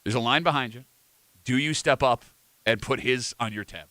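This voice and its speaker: A man hosting a radio show, bantering in a fast, teasing way in a studio. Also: medium pitch, bright, forceful tone, no room sound.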